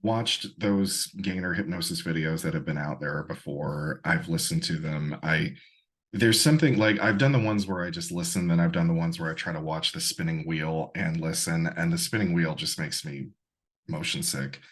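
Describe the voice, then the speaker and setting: A man's voice: low voice, normal speed, fairly bright tone. A man co-hosting a podcast, plain-spoken and openly skeptical in casual chat. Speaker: podcast co-host.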